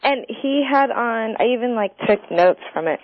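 A woman's voice: a little high, lively intonation, normal speed, slight background noise. A woman calling in to a radio show, chatting eagerly. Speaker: caller. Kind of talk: casual chat on call-in radio. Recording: tinny, dry phone line.

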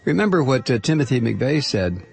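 A man's voice: medium pitch, sing-song, moderate pace, gravelly, darkish tone, faint music behind. A man hosting talk radio, reading quotes aloud and commenting with frequent hesitant fillers. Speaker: radio host.

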